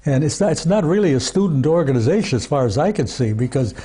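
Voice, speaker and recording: A man's voice: on the high side, expressive, fast, mellow, husky. A man being interviewed as an archivist, talking in a rambling, casual way, full of restarts and asides like "you see" and "you know.".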